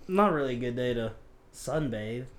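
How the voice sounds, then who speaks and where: Man, podcast co-host, casual chat, blunt, swears freely, mid-pitched voice. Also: lively intonation, moderate pace.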